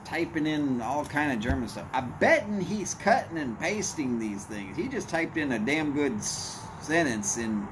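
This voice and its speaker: Hosting a casual livestream, this man reads chat and chats bluntly in wandering asides, coming across to others as angry. His voice is a little high and animated, moving at normal speed with few pauses over a noisy background.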